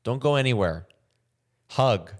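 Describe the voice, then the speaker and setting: A man's voice: medium pitch, a little slow. A man hosting a comedy podcast, riffing jokingly and acting out little bits in other voices. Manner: animated, jokey, acts out bits in other voices. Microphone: camera mic without a boom arm.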